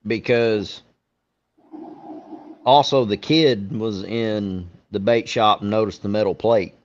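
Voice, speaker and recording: A man's voice: on the low side, slow, lo-fi sound. A man co-hosting a podcast, telling blunt, profane stories in casual chat. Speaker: podcast co-host.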